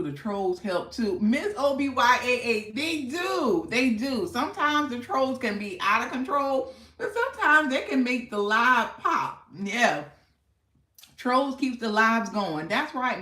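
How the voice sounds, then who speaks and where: A woman's voice: a little high, expressive, unhurried, bright, forceful tone, echoey room. A woman hosting a casual live stream, chatting playfully with viewers and laughing often. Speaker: livestream host.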